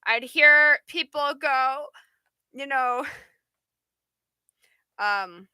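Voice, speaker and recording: A woman's voice: high-pitched, drawn-out words, sharp tone, dry recording. A woman hosting a livestream, chatting in a rambling way and answering viewer comments. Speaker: livestream host. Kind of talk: casual live chat.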